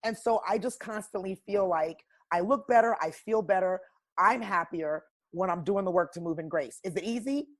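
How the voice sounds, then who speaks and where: A woman's voice: mid-range voice, normal speed. A woman wellness coach talking on a podcast as a guest, emphatic, preachy and blunt. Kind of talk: casual podcast conversation.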